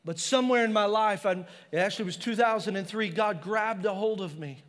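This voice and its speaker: A man's voice: high-pitched, a little fast, a bit bright, long reverb tail. A male pastor preaching a passionate sermon in a church, mixing personal stories with scripture.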